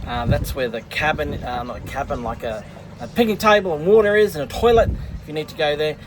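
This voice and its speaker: A man's voice: fairly high pitch, a little fast, slight background noise. A man vlogging from his small fishing boat outdoors, chatty and self-mocking, rambling with fillers. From Australia. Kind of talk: casual vlog narration.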